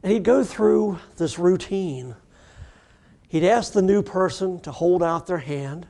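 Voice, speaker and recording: A middle-aged man, a recovery doctor, telling a personal story in a lively, self-mocking way and acting out the dialogue. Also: high voice, slow pace, creaky. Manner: animated storyteller who acts out dialogue. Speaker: addiction recovery doctor giving a talk.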